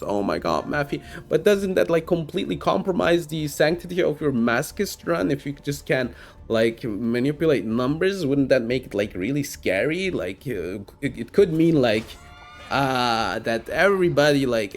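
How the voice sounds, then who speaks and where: A man streaming himself playing a card game, chatting casually in an animated, self-mocking, rambling way full of fillers. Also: mid-range voice. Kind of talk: casual gameplay commentary.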